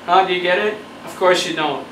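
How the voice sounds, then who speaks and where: A man's voice: sits high, brisk, fairly bright tone, roomy sound, recorded from a distance, a little hiss or hum, poor audio. A man doing a profane, mock-angry comedy rant straight at his viewers. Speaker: YouTube comedian.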